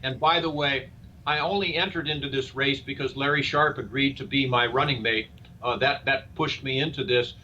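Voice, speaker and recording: Appearing as a live interview guest, the older presidential candidate talks earnestly in a speech-like way, leaning on rhetorical questions. He has a medium-pitched, bright, forceful voice with fairly even intonation at a moderate pace, recorded in dull lo-fi sound with slight noise.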